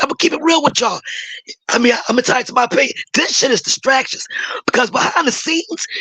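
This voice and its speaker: A hoarse woman with a raspy voice, a caller in a chat room giving an emotional, impassioned opinion and breaking into shouts. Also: sits high, no room sound, low-quality recording. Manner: emotional, apologetic, bursts into shouting.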